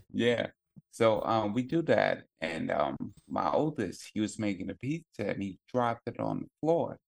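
A man's voice: fairly low pitch, expressive, unhurried, vocal fry. Laid-back man telling a story with fillers. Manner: loose storytelling with many fillers and profanity. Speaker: podcast co-host. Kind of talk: casual chat.

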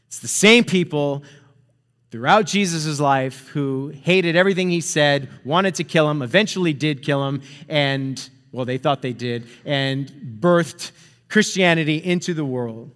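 Chatty preacher in a reverberant hall. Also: male voice, fairly high pitch, fairly bright tone. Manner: conversational, chuckling, checks in with "right?". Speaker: pastor. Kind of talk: storytelling sermon.

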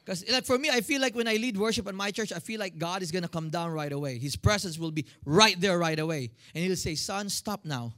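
Lively Filipino pastor preaching. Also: male voice, high voice, fairly quick, hardly any pauses. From Philippines. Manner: animated, calls out to the congregation. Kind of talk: sermon.

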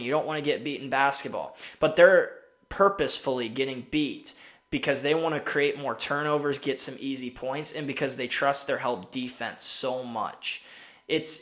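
Man, podcast host, casual sports talk, opinionated, rambling, self-interrupting, mid-pitched voice. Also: fairly bright tone. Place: home in winter city.

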